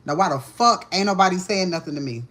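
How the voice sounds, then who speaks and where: A woman's voice: fairly low pitch, lively intonation, fast, a bit bright. A woman doing a live-streamed tarot reading from home, ranting in a profane, agitated way. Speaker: tarot reader.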